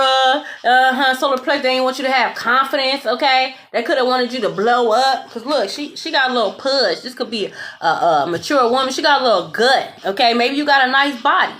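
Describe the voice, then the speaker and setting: Sassy, high-pitched woman reading tarot. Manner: blunt, profane, sassy and animated; repeats "okay?" often. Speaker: tarot reader.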